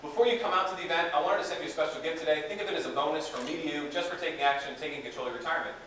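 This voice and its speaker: A man giving a live seminar talk to an audience in a conference room, energetic and conversational with plenty of fillers and asides. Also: a little high, very fast. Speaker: guest speaker. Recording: echoey room from far off, faint hiss.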